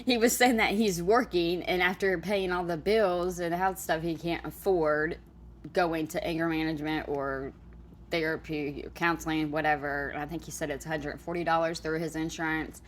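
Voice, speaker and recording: A woman's voice: fairly low pitch, steady tone, normal speed. A woman chatting casually as she reacts to a video clip, exclaiming and laughing between remarks.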